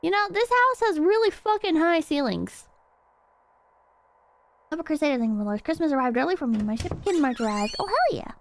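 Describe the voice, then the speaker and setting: A woman streaming a horror game, chatting excitably and rambling, swearing freely as she plays. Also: sits high, fairly quick, pauses often. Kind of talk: casual game stream chat.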